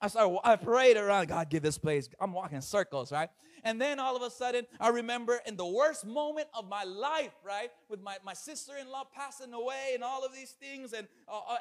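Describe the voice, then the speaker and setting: High-voiced, animated preaching man. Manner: animated storytelling with acted-out quotes and repeated words. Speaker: pastor. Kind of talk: sermon.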